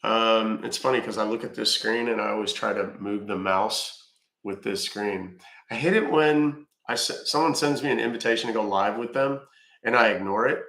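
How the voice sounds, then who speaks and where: A man's voice: on the low side, moderate pace, creaky, a bit bright, roomy sound. Chatty man hosting a livestream. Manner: chatty and loose, swears freely. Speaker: livestream host. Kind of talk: casual livestream chat.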